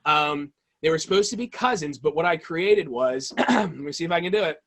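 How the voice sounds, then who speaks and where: A man tells lively stories as a guest on an interview show. His voice sits a bit high for a man. He talks with animated enthusiasm, casual and eager. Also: normal speed. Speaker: guest, toy-hunting video creator.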